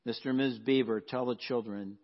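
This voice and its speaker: A man preaching a sermon as pastor, earnest and emphatic, often dropping to a hush. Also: mid-range voice, steady tone, fairly quick. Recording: dull sound with long hall reverb.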